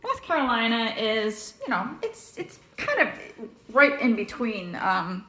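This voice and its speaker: Chatty high-voiced mom vlogger. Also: female voice, sing-song, measured pace, bright, forceful tone. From Southern United States. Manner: chatty, laughs often, coos at pets. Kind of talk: casual vlog chat. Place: home and snowy backyard.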